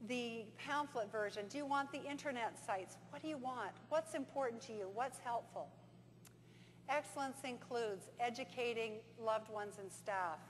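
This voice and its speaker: Speaking in a fairly high pitch, a woman presents at a conference, telling stories animatedly and acting out dialogue. The hall is reverberant, with a faint hum.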